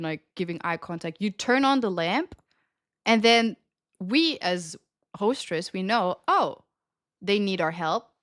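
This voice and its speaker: A woman's voice: mid-range voice, clean tone, no room sound. Chatty young woman streamer, dry close sound. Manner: chatty, laughs often, swears casually. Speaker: live streamer. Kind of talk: casual storytelling to a stream chat.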